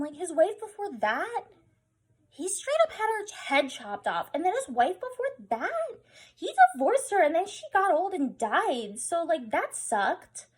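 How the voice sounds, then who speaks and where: A drunk woman rambling through a comedic history retelling, slangy and profane, full of "like" and "oh my God". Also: sits high. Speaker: storyteller.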